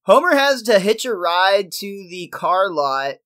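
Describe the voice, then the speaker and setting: A man's voice: high voice, very animated, measured pace, fairly bright tone. A man co-hosting a podcast, recapping a cartoon episode in casual chat and laughing often. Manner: laughs often, loose joking storytelling. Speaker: podcast co-host.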